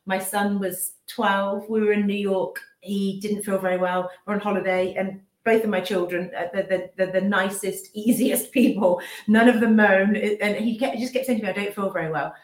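A woman's voice: mid-range voice, fairly even intonation, moderate pace, hardly any pauses. A woman in her fifties giving a candid, emotional personal account in an interview, often restarting her sentences and acting out what others said. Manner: emotional, restarts sentences, acts out remembered speech. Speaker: business owner and mother, interview guest. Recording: roomy echo.

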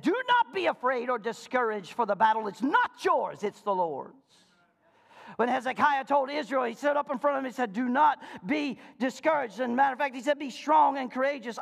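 A man preaching a sermon as pastor, swinging between shouted highs and hushed lows, with playful jokes to the congregation. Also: vocal fry, big-room sound. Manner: animated preaching, swinging from high shouts to low murmurs; playful, joking asides to the congregation.

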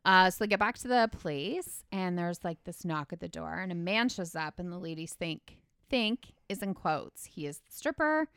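A woman's voice: on the low side, lively intonation, normal speed, a bit bright, clear, resonant tone, no echo, studio quality. A woman recapping a movie in casual chat, rambling and full of filler words.

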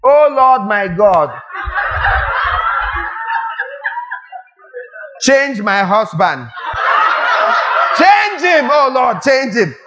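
A male preacher voicing a shrill wife who shouts, pleads and begs her husband, in a high falsetto. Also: very animated, takes it slowly, heavy background noise, exaggerated voice. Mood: wailing.

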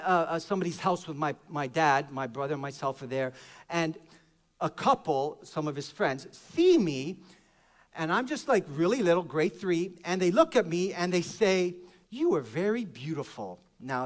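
A man preaching with a high, bright-pitched voice that climbs into shouted praise, then drops into soft, confiding storytelling. He breaks into joking asides along the way, in sermon style. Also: animated, normal speed. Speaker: pastor.

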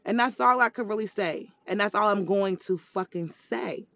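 A woman's voice: mid-range voice, moderate pace, gravelly, fairly bright tone. Woman ranting with profane emphasis. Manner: profane, emphatic, repetitive scolding. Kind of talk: ranting monologue vlog. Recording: dull lo-fi recording.

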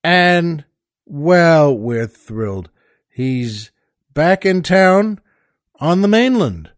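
A man's voice: a little high, big pitch swings, extremely slow, dry recording, studio quality. An older man hosting his own show, retelling a favorite movie scene in a rambling, folksy way, full of "well" and "by the way" asides. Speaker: podcast host. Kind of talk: casual storytelling monologue.

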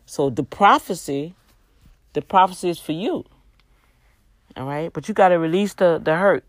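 On her livestream, a somewhat tired, yawning woman leads a casual faith talk in an earnest, preacher-like way, exhorting listeners and drawing out her emphasis. Her voice is on the low side, and there's no echo.

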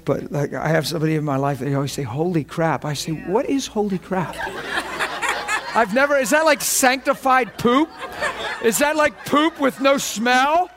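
A man gives a lively sermon, with a voice that sits high and swings up and down a great deal. He tells stories, laughs often and acts out the voices of the people in them. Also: moderate pace. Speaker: preacher. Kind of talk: sermon storytelling.

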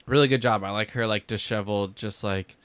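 A man's voice: fairly low pitch, fairly even intonation, brisk, fairly bright tone, smooth, dry recording. A man co-hosting a podcast, chatting casually and jokingly about movies, trailing off with fillers. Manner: rambling, jokey, trails off with fillers. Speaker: podcast co-host.

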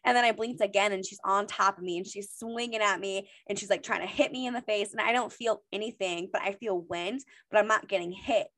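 A woman's voice: mid-range voice, a little fast, few pauses, fairly bright tone, dry recording. A young adult woman telling a story casually over a video call, with lots of fillers and sudden rises at the tense moments. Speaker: guest storyteller.

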